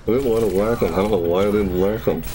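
A man giving casual gameplay commentary, excitable, laughing often and yelping high when thrilled. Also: fast talker, slight background noise. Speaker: gaming video creator.

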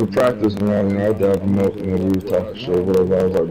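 Brief: young male streamer, lowish voice, crowd noise in the background, profane and animated storyteller. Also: racing, low-quality recording. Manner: profane, animated retelling with quoted dialogue. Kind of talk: casual storytelling chat.

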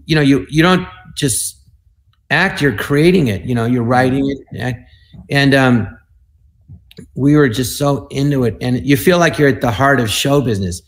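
A man in his sixties, a comedian and guest, telling stories in an animated way and acting out quoted voices over a video call. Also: mid-range voice, normal speed. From United States. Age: 60s. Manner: acts out quoted voices, with repeated "I go" and "he goes". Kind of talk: animated anecdotal storytelling.

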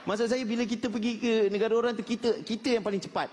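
High-voiced Malaysian comedian on stage. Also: male voice, fairly even intonation, rapid-fire, darkish tone, long reverb tail. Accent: Malaysian English. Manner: mixes Malay and English, hesitant fillers, chuckling. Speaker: stand-up comedian. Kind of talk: stand-up comedy routine.

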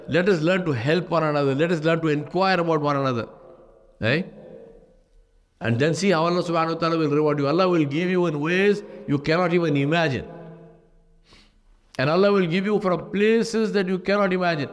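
A man giving a sermon as an imam in a mosque, telling a story with lively pitch shifts and repeated phrases. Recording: long hall reverb.

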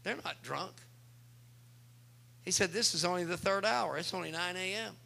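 A man's voice: high voice, normal speed, gravelly, pushed and bright. A male pastor preaching a sermon, speaking with emphasis and turning often to address the congregation.

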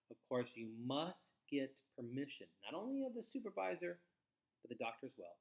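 A middle-aged man giving a scripted training webinar for foster care staff, speaking in a measured, emphatic way with falling sentence endings. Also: medium pitch.

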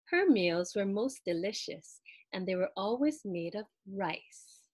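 A woman with a mid-range voice reads a children's picture book aloud, animated and expressive in her storytelling. She goes a little slowly, and there's no echo.

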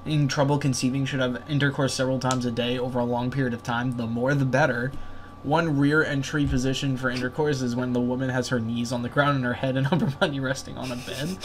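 A man in the middle of a casual let's play session, reading quiz questions out loud and swearing at the game. His voice sits at an ordinary pitch, and he keeps up a joking, crude banter throughout. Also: fairly even intonation, fast, a crowd in the background. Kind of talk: casual gameplay commentary.

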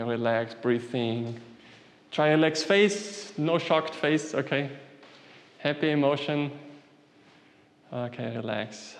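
Slow-talking instructor, echoey hall. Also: male voice, medium pitch. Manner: short spoken commands with frequent checking tags like "yeah?"; simple, non-native English grammar. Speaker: qigong instructor. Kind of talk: leading a group exercise class. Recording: echoey hall, voice from some distance.

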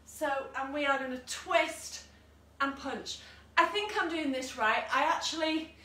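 A woman's voice: sits high, a little slow, pushed and bright. A woman leading an online exercise class, giving encouraging cues and countdowns with chatty asides. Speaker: fitness instructor. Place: room at home, with a dog nearby. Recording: echoey room, voice from a distance, faint noise.

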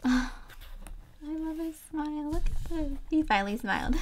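Gushing woman with a gravelly voice. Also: sits high, expressive, moderate pace, slight background noise. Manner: gushing, affectionate, frequent soft laughs. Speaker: K-pop fan unboxing photobooks. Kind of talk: casual unboxing commentary.

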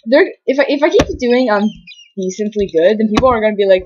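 A woman's voice: medium pitch, expressive, brisk, dull audio, slight background noise. A woman doing let's-play commentary, mocking herself and talking herself through the game on a built-in computer mic. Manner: self-deprecating, talks herself through play. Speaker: gaming video creator.

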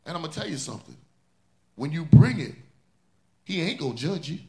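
A man's voice: a little high, big pitch swings, fairly quick, gravelly, darkish tone. A male pastor preaching a sermon, building intensity through repeated refrains.

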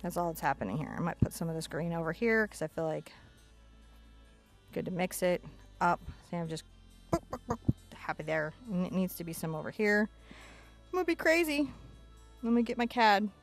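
A woman's voice: fairly low pitch, expressive, brisk, pauses often, faint music behind. A woman teaching a casual step-by-step acrylic painting lesson in a chatty, playful way, narrating her brushwork as she goes. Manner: chatty, playful, talks to herself while painting.

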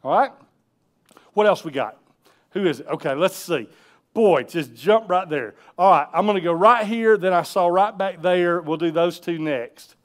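A man leads a church class on dream interpretation, his voice sitting a little high for a man. He talks in a relaxed, conversational way and keeps checking that the group is following along. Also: moderate pace. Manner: relaxed, conversational teaching with frequent check-ins. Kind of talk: church teaching session.

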